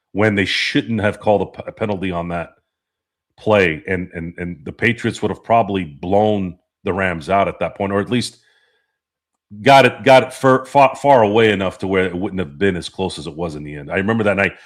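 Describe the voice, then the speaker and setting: A man hosts a loose sports talk stream and answers the live chat. His voice sits a little low. He rambles from one story to the next, swearing freely and laughing at his own jokes. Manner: rambling, profane, laughs often. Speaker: podcast host.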